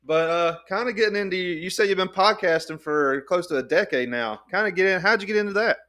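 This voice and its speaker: A man's voice: high-pitched, brisk, fairly bright tone. A man hosting a podcast, folksy and eager in a casual chat. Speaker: podcast host.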